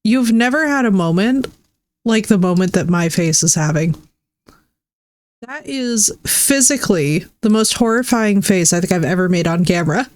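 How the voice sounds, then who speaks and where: A woman's voice: medium pitch, lively intonation, moderate pace, dry recording. Playful, swearing woman streaming a game. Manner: playful, swearing, laughing, chatting with viewers. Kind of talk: casual live-stream chat over gameplay.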